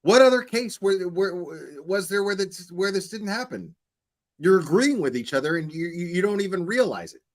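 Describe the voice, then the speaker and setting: A man's voice: high voice, animated, a little fast, hardly any pauses. A man hosting reaction commentary, blunt and profane, hammering his points over and over. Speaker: commentary channel host.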